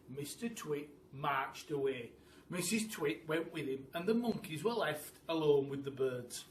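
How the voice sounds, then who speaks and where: A male primary school teacher reading a storybook aloud to children, expressive and unhurried. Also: on the high side. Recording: echoey room, mic at a distance.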